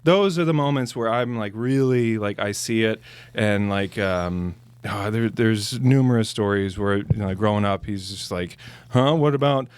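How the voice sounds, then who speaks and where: A man chatting as a podcast guest, telling family stories in a rambling, halting way full of fillers. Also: lowish voice, clean tone, no echo. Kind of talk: casual chat.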